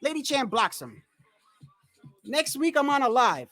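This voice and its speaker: A man's voice: extremely high pitch, big pitch swings, measured pace, sharp tone, soft background music. A man telling a rambling, profane story on a casual livestream about boxing. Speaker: boxing commentary streamer.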